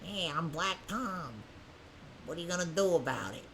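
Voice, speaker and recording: A man's voice: a little high, animated, normal speed, a bit bright, a little hiss or hum, pitched below the performer's own voice. A man voicing a brash, swaggering Philadelphia street guy in a put-on Philadelphia accent. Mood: cocky. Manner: swaggering, cocky. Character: brash tough-talking Philly street guy, male.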